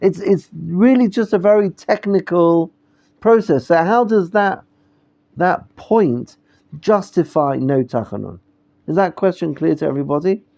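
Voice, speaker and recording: Man, rabbi, classroom lecture, higher-pitched, mellow tone, muffled recording. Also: a little slow, gravelly. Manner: conversational, checks in with listeners.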